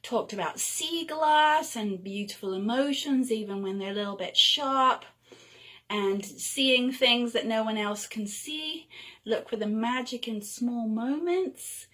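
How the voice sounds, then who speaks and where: Woman storyteller reading aloud to kids, gentle, higher voice, unhurried. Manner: gentle, lilting, slow and expressive.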